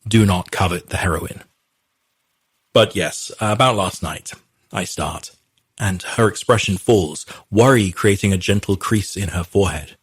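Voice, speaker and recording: A man narrates a romance audiobook in the first person, measured and intimate. His voice sits very low and has a husky grain. The recording is dry and close, with no room sound. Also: dry recording.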